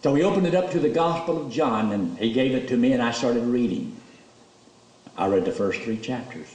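Male preacher, lively storyteller, roomy church sound from a distance. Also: brisk. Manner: storytelling, animated, rises high when emotional. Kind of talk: sermon testimony.

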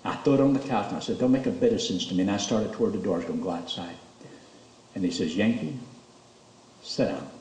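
Male preacher, lively storyteller, roomy church sound from a distance. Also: fast talker, long pauses, a little hiss or hum. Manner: storytelling, animated, rises high when emotional. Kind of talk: sermon testimony.

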